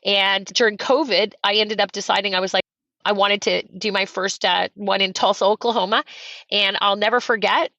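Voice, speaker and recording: A middle-aged woman from Canada, a coach, telling a personal story on a podcast with high energy and fervent emphasis. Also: fairly even intonation, moderate pace, pushed and bright, no echo, dull audio. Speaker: real estate coach and guest. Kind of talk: emotional storytelling in a podcast interview.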